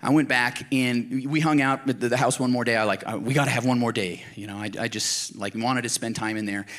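A man's voice: mid-range voice, little pitch movement, brisk, a bit bright. Earnest man preaching conversationally. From Colorado, United States. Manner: earnest, emphatic, talks straight to the listeners. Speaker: pastor. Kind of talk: conversational sermon.

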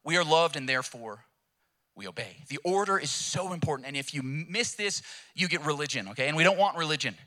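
Pastor, bright forceful tone, lively sermon delivery. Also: male voice, a little high, brisk. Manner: animated, emphatic storyteller.

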